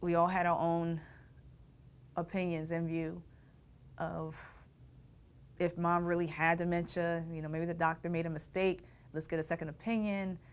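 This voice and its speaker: Femme au ton posé racontant ses souvenirs. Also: female voice, fairly low pitch, flat delivery, moderate pace, pauses often, clear, resonant tone. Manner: reflective, laughs while telling painful memories. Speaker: interviewee. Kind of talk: personal storytelling.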